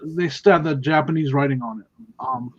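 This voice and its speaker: A man chatting casually as a guest on a live stream, talkative and quick to laugh. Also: fairly high pitch, lively intonation, vocal fry, husky, no room sound, dull audio. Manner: chatty, giggly.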